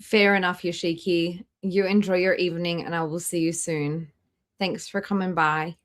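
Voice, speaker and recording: A woman's voice: fairly low pitch, level tone, normal speed. A young Australian woman hosting a reaction livestream, blunt in her opinions and greeting chat members as she goes. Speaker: livestream host.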